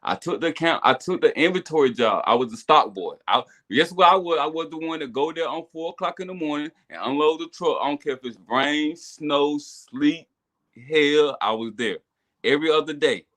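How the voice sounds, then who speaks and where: A man, a podcast guest, telling a personal testimony in casual chat, animated and repetitive, rising to excited high bursts. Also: moderate pace. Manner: animated storytelling, repeats words, builds to excited high bursts. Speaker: podcast guest, business owner.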